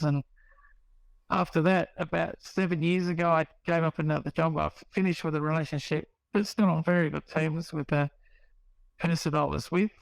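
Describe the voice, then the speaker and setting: A middle-aged man tells his story in a loose, rambling way, stopping to restart and acting out the back-and-forth of old conversations. His voice sits a little high and has a gravelly, creaky edge. The recording is dry, with no room sound. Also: no echo, low-quality recording. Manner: rambling, restarts, acts out quoted dialogue. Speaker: guest sharing recovery story. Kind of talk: casual storytelling.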